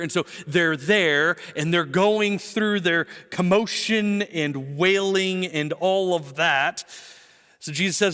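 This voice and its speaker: A middle-aged man preaching a sermon in a lively storytelling way, with jokes and acted quotes. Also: high voice. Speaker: pastor. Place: large church auditorium. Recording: long hall reverb.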